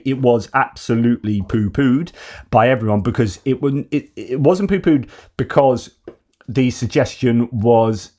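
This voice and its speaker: A man hosts an unscripted news commentary, speaking at a middling pitch for a man. He talks loosely and opinionatedly, working his points out as he goes. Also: darkish tone. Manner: conversational and opinionated, thinking aloud. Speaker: host of a news commentary channel.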